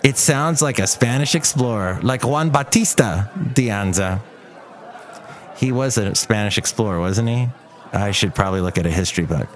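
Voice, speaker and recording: A man's voice: fairly low pitch, expressive, moderate pace. A man hosting a podcast as a loose, comic solo monologue, wandering off on tangents and joking at his own expense. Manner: rambling, self-mocking asides. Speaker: podcast host. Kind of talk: casual comedic monologue.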